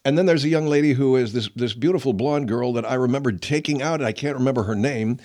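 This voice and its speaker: A man's voice: medium pitch, fast, a little mellow. A man hosting a comedic radio talk show, rambling and reminiscing. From Southern California.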